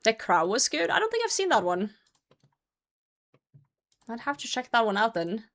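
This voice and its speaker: A woman's voice: a little high, very animated, normal speed, a bit bright. A woman hosting a livestream, chatting casually with viewers while she plays. She rambles, rants freely and swears offhand. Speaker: livestream host.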